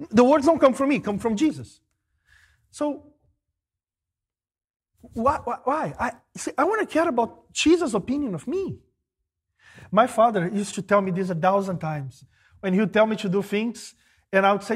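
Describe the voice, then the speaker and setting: A middle-aged male pastor preaching a sermon, animated, rising to emphatic exclamations. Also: high-pitched, slightly rough.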